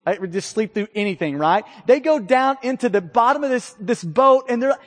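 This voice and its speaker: Male pastor, very high voice, earnest teaching sermon, long hall reverb. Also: expressive, fairly quick.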